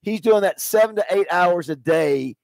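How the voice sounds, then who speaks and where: Laid-back morning radio host. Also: male voice, high voice, normal speed, creaky, a little mellow, no room sound. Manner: loose, laughing, thanks sponsors. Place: radio studio.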